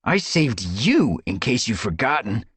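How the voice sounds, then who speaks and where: A man's voice: sits low, expressive, measured pace, no room sound. A man voicing a brave young male warrior cat in an audiobook, speaking firmly and evenly. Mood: retorting. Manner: firm, level retorts.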